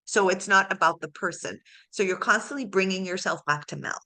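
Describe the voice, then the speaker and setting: A woman's voice: medium pitch, brisk, sharp tone. A woman coaching a client one to one, acting out the client's inner dialogue and laughing often. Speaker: life coach. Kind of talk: coaching session.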